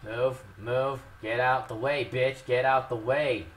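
A man's voice: medium pitch, steady tone, takes it slowly, a little hiss or hum. Foul-mouthed young man gaming. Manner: profane, swings from mutters to loud outbursts. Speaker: gameplay commentator. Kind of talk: Let's Play commentary.

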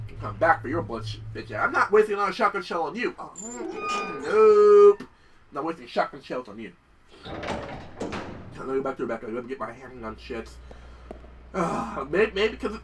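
A man's voice: fairly high pitch, far from the mic, background noise. A young man giving casual gameplay commentary, swearing and yelping when startled. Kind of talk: casual let's-play commentary.

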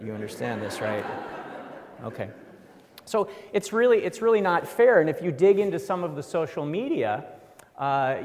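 A middle-aged man giving a humorous lecture as a professor, wry and self-deprecating, acting out quotes. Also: fairly high pitch. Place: large lecture hall. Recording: long hall reverb.

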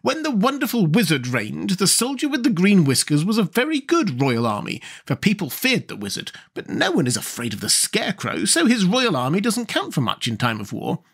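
A man reading an audiobook, voicing a brisk and proud young woman who leads a rebel army, with a sharp, commanding manner. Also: high-pitched, sing-song, pitched above the performer's own voice, full character voice. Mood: scornful.

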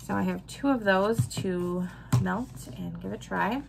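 A woman's voice: medium pitch, measured pace, gravelly, noisy background. A woman vlogger chatting casually about her weekly wax melts, listing scent notes and laughing often. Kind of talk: casual product chat.

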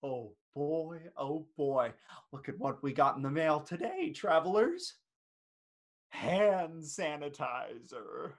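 A man playing a filthy, manic male rat who hosts a game show, with hammy, crude delivery and shouted cackling lines in a comedic stage play. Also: a little high, animated, slow pace, heavily acted. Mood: giddy.

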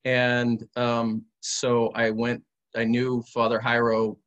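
A man sharing a personal testimony as a guest, in an animated, conversational way with frequent restarts. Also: medium pitch, takes it slowly, muffled recording. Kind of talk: casual testimony storytelling.

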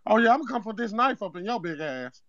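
A man's voice: high voice, very animated, fast talker, a bit bright, dry recording. A man putting on an irate, threatening customer. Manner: threatening, demanding, streetwise slang. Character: irate young man customer with a put-on accent. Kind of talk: prank call. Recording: muffled phone-call recording.

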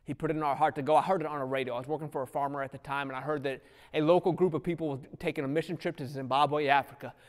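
Impassioned high-voiced male preacher. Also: steady tone, rapid-fire. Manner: impassioned, swings from hushed to shouting; casual slang, drops words. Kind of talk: sermon. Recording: long hall reverb.

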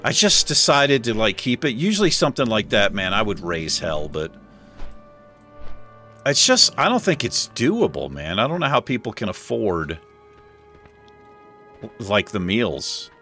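A man's voice: on the low side, sing-song, measured pace, long pauses, pushed and bright, faint music behind. A man casually commenting on his gameplay as host, swearing freely and joking sarcastically. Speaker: gaming host. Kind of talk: let's play commentary.

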